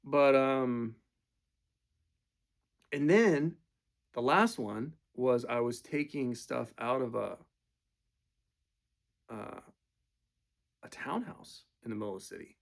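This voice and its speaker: A man's voice: mid-range voice, lively intonation, slow pace, gravelly, pauses often. A man telling casual, profane, rambling stories, full of fillers. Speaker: storyteller. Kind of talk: casual storytelling.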